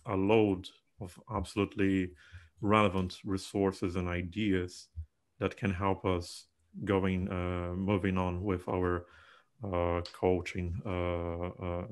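A man's voice: deep voice, level tone, slow pace. A man taking part in a webinar, giving feedback hesitantly with many fillers. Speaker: workshop participant. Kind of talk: giving feedback on a video call.

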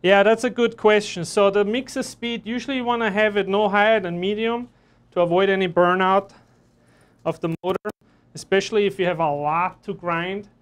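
A man's voice: sits high, fairly even intonation, moderate pace, clear, resonant tone. A man chef teaching a live online cooking class, chatty and joking as he explains each step while he works in a kitchen. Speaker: chef instructor.

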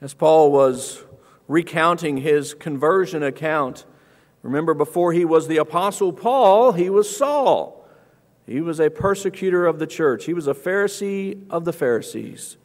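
Guy preaching in church, kinda high voice, acts out the bible quotes, long echo off the hall. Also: unhurried. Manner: animated, acts out scripture quotes with raised pitch. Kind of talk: sermon. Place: church auditorium.

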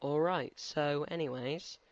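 Speaking slowly in a fairly high voice, this teenage gaming commentator rambles through a let's-play and answers back to characters on screen. There's no room sound, though the lo-fi audio is slightly muffled.

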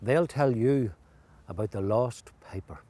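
A man's voice: medium pitch, animated, a little slow, dark tone, husky. A man presenting a scripted travel documentary narration.

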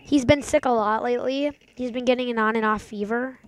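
A young woman hosting a gaming channel, giving casual let's-play commentary and yelping and shouting catchphrases as she plays. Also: a little high, brisk, noisy background. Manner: excitable, yelps and shouts catchphrases.

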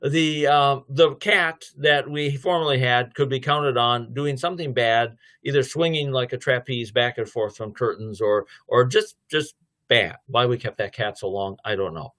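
In a mid-range voice at a moderate pace, a middle-aged theology lecturer delivers a devotional talk. He tells a story with lively energy, acting out both sides of a conversation.

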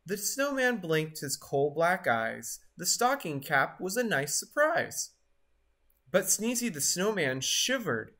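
A woman reads a rhyming children's picture book aloud in a sing-song way. She takes her time and lets her pitch rise and fall expressively. Her voice sits in a middle range. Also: sing-song, measured pace, a bit bright. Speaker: storyteller.

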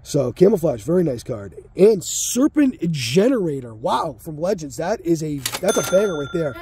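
Man, middle-aged, slangy and laid-back, higher voice, mellow tone. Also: very animated, moderate pace, slight background noise. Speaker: card pack opener. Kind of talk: casual commentary while opening packs.

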